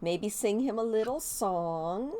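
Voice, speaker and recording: A woman hosts a gaming video, giving casual let's-play commentary on a life-simulation game. Her medium-pitched, dark-toned voice is expressive and slow, and she sounds chatty, curious and often amused.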